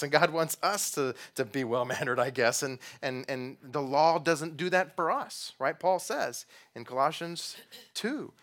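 In church, a young man serving as pastor preaches conversationally, making self-deprecating jokes and asking his listeners questions. His voice is slightly high and a bit bright.

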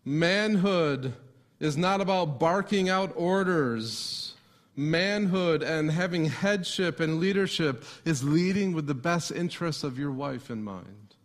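A man with a somewhat high-pitched voice preaches a sermon from the pulpit. He speaks as a pastor and keeps drawing the congregation in with rhetorical questions. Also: animated, slow.

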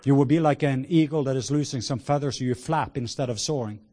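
A man preaching a sermon with passion, moving between hushed words and loud exclamations. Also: medium pitch, fast. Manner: sprinkles in laughter and cries of "whoa".

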